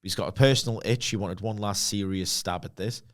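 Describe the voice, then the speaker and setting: A man's voice: fairly low pitch, brisk. A man co-hosting a podcast with blunt, dismissive casual commentary. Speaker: podcast co-host.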